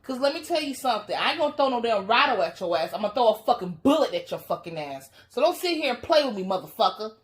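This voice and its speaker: Woman, profane, blunt, animated show recap. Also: fairly high pitch, fast, hardly any pauses. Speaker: TV reaction reviewer. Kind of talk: casual recap and commentary.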